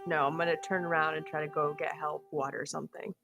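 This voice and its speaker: A woman at a tabletop game talks through her character's choices in a hesitant, trailing way. Her voice sits fairly low for a woman. Faint music is heard behind her. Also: flat delivery, quick pace, creaky, a bit bright. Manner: hesitant, trailing off while deciding. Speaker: player. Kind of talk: casual tabletop play.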